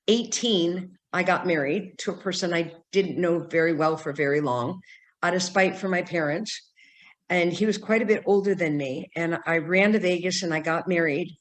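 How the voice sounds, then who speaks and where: An older woman from San Diego, California, who works as a psychic medium, recounts her life story in an interview. Her voice sits on the low side at a normal speed, and she's animated, acting out the voices of the people she quotes.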